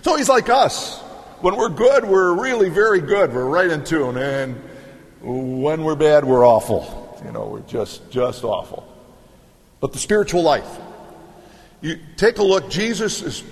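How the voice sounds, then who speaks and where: Middle-aged male pastor, slightly high voice, storytelling sermon delivery, long church echo. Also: measured pace. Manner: animated storytelling, acts out scripture voices.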